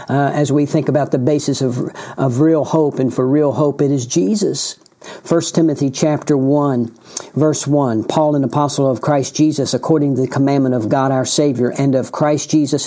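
A man's voice: medium pitch, moderate pace, mellow. A man hosting a Christian ministry podcast, teaching in an earnest way and often repeating words as he restarts a phrase. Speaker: podcast host and ministry leader.

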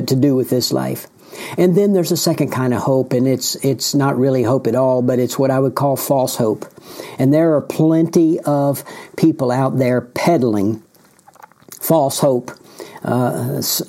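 A man hosts a Christian podcast and teaches in an unscripted way. His voice is mellow and warm and sits at a middling pitch. He is earnest and often repeats a word as he restarts a phrase. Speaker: podcast host and ministry leader.

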